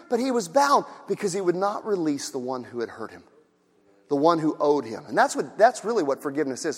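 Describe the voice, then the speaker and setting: A man preaching a sermon as pastor. He moves between quiet, soft talk and loud, shouted passages, and acts out the voices in his stories. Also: fairly high pitch, slightly rough, big-room sound.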